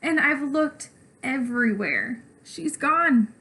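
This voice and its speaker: A woman's voice: high-pitched, animated, slow, pushed and bright, exaggerated voice. A woman voicing a worried older sister, a young girl, in a storybook read-aloud. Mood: plaintive.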